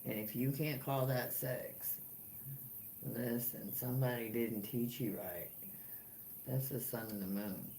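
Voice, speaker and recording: A woman hosting a casual inspirational vlog, telling a story slowly with plenty of swearing and laughter. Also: a bass voice, lively intonation, a little mellow, slight background noise. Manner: slow, profane, laughing storytelling. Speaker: host. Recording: roomy echo with faint ambience.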